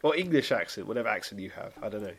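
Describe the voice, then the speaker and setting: A man's voice: lowish voice, lively intonation, rapid-fire, slightly rough. A man co-hosting a podcast over a video call, teasing his partner, laughing and restarting his words. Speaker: podcast co-host. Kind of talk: casual chat.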